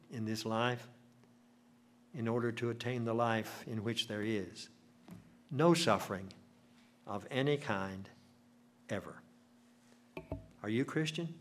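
An older man preaching a sermon, telling homely stories and slowing to stress key words. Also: mid-range voice, slight background noise. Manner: folksy storytelling with slow emphatic phrasing.

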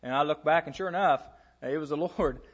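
A man's voice: fairly high pitch, quick pace, dull audio. A man preaching a sermon to a congregation, reading scripture aloud and telling stories from his own ministry. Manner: storytelling, reads scripture aloud.

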